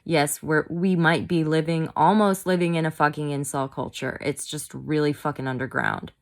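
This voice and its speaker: Woman vlogger, angry heated rant, low pitch, gravelly fry. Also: steady tone, normal speed. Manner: heated, fired-up ranting. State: shaking with anger. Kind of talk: angry personal commentary. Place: home room, bad lighting.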